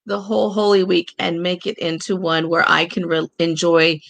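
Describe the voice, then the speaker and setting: A woman's voice: lowish voice, little pitch movement, normal speed, creaky, a bit bright. A woman co-hosting a grief podcast in casual chat, frank with a wry humor. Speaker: podcast co-host, grief counselor.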